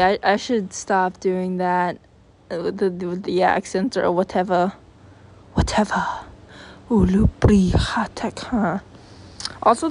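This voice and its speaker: A woman's voice: medium pitch, slight background noise. A woman hosting her own channel, chatting in a casual, rambling monologue full of filler words and restarts. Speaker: channel host.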